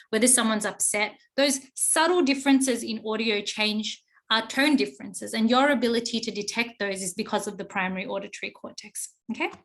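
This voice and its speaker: A young adult woman is teaching a psychology lesson. She explains patiently and steadily, often checking in with "okay?" and filling pauses with "um" as she goes. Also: a little high, a bit bright. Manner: explanatory, frequent "okay?" check-ins and fillers. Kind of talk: recorded online class lecture.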